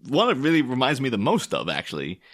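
A man talking casually and at length about film villains, rambling with many fillers and restarts and breaking into animated quoted voices. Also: medium pitch, fast. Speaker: film commentator. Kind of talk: casual film analysis talk.

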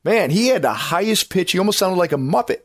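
A podcast host with a high-pitched, husky voice talks quickly and animatedly in a dry, studio-quality recording. He chats casually about films. His enthusiasm rambles, circling back and correcting itself.

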